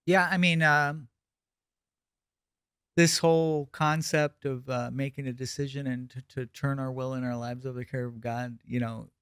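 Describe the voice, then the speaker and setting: Male podcast co-host, gravelly and resonant, reflective delivery. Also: medium pitch, steady tone, moderate pace, a bit bright, dry recording, studio quality. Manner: reflective, hesitant with fillers. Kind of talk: casual recovery podcast talk.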